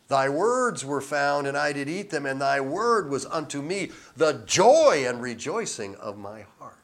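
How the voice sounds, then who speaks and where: Animated, chuckling male Bible teacher. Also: mid-range voice. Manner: reads scripture slowly with emphasis, then chats and chuckles.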